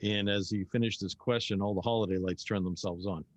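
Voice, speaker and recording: A quick-talking man co-hosting a podcast, with a jokey, casual manner. His voice sits low. The recording is dry, with no room sound. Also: steady tone, no room sound. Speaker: podcast co-host.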